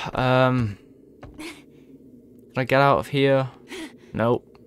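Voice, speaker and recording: A man's voice: medium pitch, very slow, slight background noise. Swearing, frustrated young man gaming. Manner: frustrated, swears often, talks to viewers. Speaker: gaming video creator. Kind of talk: let's-play commentary.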